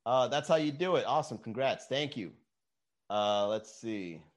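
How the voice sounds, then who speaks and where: A man's voice: mid-range voice, moderate pace. A man hosting his own daily livestream as a comedian, swearing often and reading viewer comments aloud. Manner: animated, swears often, reads chat aloud. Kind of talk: profane casual livestream chat.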